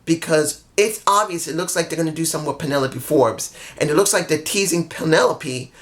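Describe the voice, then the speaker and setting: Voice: mid-range voice, brisk. A tired vlogger recapping a wrestling show to camera, blunt and emphatic, swearing freely.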